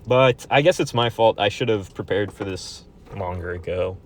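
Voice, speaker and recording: Brief: twenty-something guy, low voice, swearing a lot, rambling vent with lots of restarts. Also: normal speed, a little hiss or hum. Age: 20s. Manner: profane, rambling, frequent restarts. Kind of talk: casual venting monologue.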